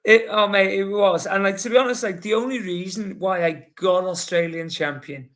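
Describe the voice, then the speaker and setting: A man's voice: sits high, steady tone, normal speed, fairly bright tone. A man in his forties from Liverpool with a Scouse accent, chatting casually as a podcast guest and acting out quotes as he tells stories. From Liverpool, England. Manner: chatty storyteller, acts out quotes. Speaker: guest, marathon runner.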